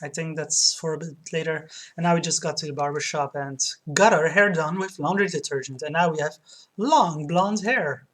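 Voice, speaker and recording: A woman's voice: deep voice, normal speed, fairly bright tone. A woman chatting through a let's play, giggling and reading viewers' messages aloud. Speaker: streamer. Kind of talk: let's play game commentary.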